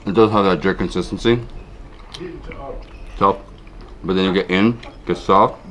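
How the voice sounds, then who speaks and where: A man's voice: low-pitched, steady tone, unhurried, a bit bright, slight background noise. A man tasting food at a restaurant table, enthusiastic and reacting to each new bite. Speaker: visiting food vlogger. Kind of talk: casual food tasting chat.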